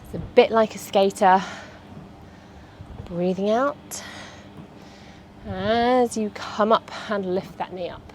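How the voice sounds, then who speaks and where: A woman's voice: mid-range voice, slow, pauses often, a little mellow, a little hiss or hum. A woman, a fitness instructor chatting and cueing movements through a workout.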